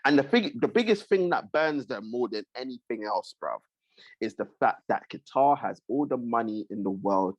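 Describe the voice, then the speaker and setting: A man's voice: medium pitch, expressive, normal speed, no echo, lo-fi sound. A man, co-hosting a casual podcast chat, driving his points home by repeating them. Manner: emphatic, repeats points, says bruv. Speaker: podcast co-host.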